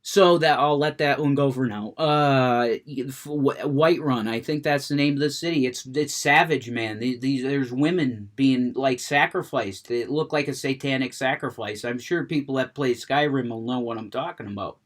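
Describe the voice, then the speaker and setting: A man's voice: medium pitch, normal speed, few pauses. A man rambling about video games in a casual monologue, stammering, restarting sentences, cursing freely. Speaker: gaming vlogger.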